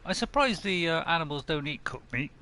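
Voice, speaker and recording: Bright-voiced chatty man. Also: on the high side, lively intonation, brisk, slight background noise. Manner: chatty, talks to himself and reads chat aloud. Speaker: game streamer. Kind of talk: casual live game commentary.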